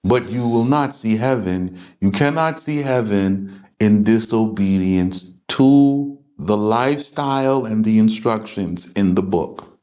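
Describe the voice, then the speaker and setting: A man's voice: fairly low pitch, slow pace, warm tone. A man teaching a religious class in an emphatic, confrontational lecturing manner.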